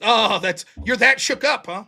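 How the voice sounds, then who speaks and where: A man's voice: sits high, unhurried, pushed and bright. A man hosting a live call-in stream, arguing with a caller in a sarcastic, mocking way. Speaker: host of a live call-in show.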